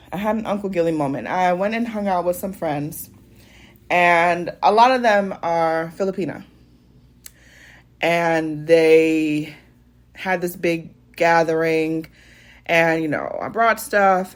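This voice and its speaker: A young adult woman casually telling a funny personal story to her viewers, laughing often and calling them y'all. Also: low-pitched. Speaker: vlogger.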